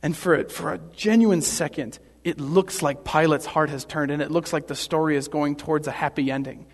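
A man's voice: a little high, steady tone, normal speed. Earnest preacher man in an echoing hall. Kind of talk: sermon.

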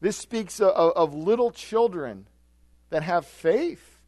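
A man's voice: high voice, lively intonation, slow, darkish tone, dry recording. Conversational male pastor preaching. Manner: conversational, asks rhetorical questions with tag "right?". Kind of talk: sermon.

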